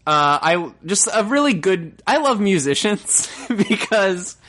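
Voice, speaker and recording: A man's voice: sits high, big pitch swings, takes it slowly, fairly bright tone, slight background noise. A man co-hosting a podcast in casual chat, laid-back, swearing and laughing easily. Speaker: podcast co-host.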